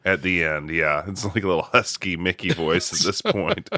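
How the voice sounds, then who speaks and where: A man on a casual film podcast, giving thoughtful, measured comments with some hesitation. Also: low voice, fairly even intonation, pushed and bright, no room sound.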